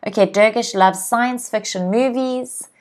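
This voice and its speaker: A woman teaching English on a live stream, speaking slowly and clearly and repeating each word for students to copy. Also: a little high, a little mellow. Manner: slow, clear, repeats words for pronunciation drills. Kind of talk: live-streamed vocabulary lesson.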